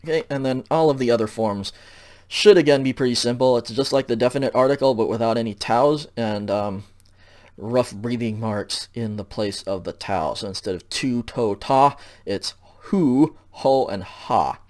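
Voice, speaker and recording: A man's medium-pitched, darkish voice carries a recorded lecture over slides. The teacher explains things patiently, checks in regularly, and uses ums to fill gaps.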